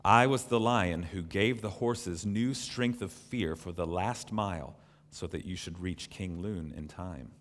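A man voicing a great, deep-voiced lion who speaks gravely and gently. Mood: solemn. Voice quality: deep and slow, solemn. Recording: long reverb in a large hall.

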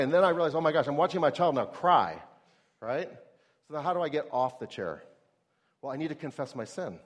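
A middle-aged man preaching a sermon in a conversational way, asking the audience questions and acting out everyday scenes. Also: a little high.

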